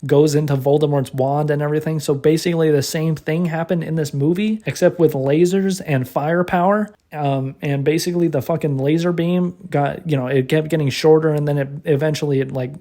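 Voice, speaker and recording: A man's voice: a little high, steady tone, fairly quick, hardly any pauses, warm tone. A man casually recapping a movie he watched, cursing often and rambling with lots of restarts and fillers. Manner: laughs while retelling. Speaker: movie reviewer.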